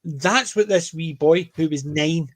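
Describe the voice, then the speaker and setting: A Scottish man chatting on a casual panel, telling stories with emphatic, animated delivery. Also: a little high, a little slow. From Scotland.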